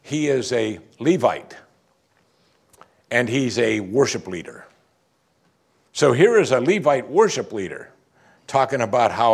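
A middle-aged man preaches a sermon with real animation. His voice rises and falls across a wide span, leaning hard on key words and then dropping low and quiet. He has an ordinary, mid-range pitch. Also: unhurried, gravelly, long pauses, husky. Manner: animated preaching, swinging between emphatic and hushed. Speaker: pastor.

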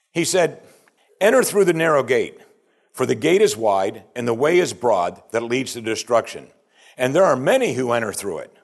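Dramatic, lively-pitched preacher. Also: male voice, husky. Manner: dramatic, dropping to a hush on key points. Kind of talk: sermon.

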